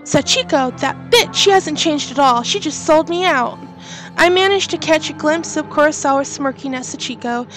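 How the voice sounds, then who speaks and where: Animated high-voiced woman playing a game. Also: moderate pace, faint music behind. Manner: animated, emphatic reactions. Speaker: gaming channel host. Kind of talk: let's play, reading game text and reacting.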